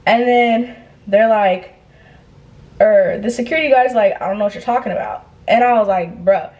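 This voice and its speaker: Young woman, casual storytime vlog, lively profane slang, middle pitch. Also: normal speed, dull audio. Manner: animated, profane slang-heavy retelling. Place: indoors, getting ready.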